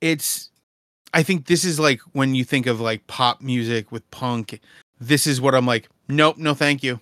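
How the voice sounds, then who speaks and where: A man's voice: mid-range voice, steady tone, measured pace, fairly bright tone, no room sound. A man co-hosting a casual podcast chat, blunt and profane, laughing at his own jokes. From Brooklyn. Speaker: podcast co-host.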